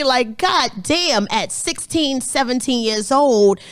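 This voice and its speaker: A woman's voice: high-pitched, sing-song, takes it slowly, fairly bright tone, no room sound, studio quality. A woman in her thirties, a therapist co-hosting a podcast, talking candidly and animatedly with some swearing. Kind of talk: casual podcast conversation.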